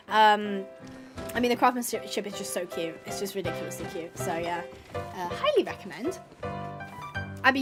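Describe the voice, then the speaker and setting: A bubbly woman in her twenties streams a game and chats with friends. Her voice sits high and light, and she gushes with lots of filler words and quick laughs. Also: fairly bright tone. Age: 20s. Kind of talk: casual chat while gaming.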